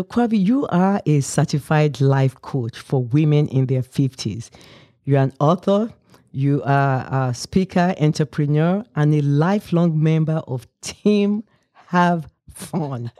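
Slow, mellow-voiced woman host. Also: deep voice, expressive, dry recording, studio quality. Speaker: podcast host. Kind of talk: interview hosting.

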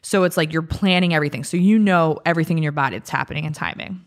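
A woman's voice: sits low, very fast. A woman in her thirties casually telling a personal story on a chat podcast, full of fillers and acted-out quotes. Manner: chatty, many fillers, acts out quotes. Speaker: podcast co-host.

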